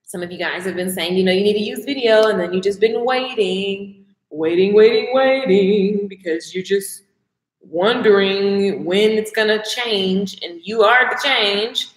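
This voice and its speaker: A woman's voice: mid-range voice, a little slow, roomy sound. A woman, chatting on a livestream and talking straight to her viewers. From American South. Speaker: makeup and mindset coach. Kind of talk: casual livestream chat.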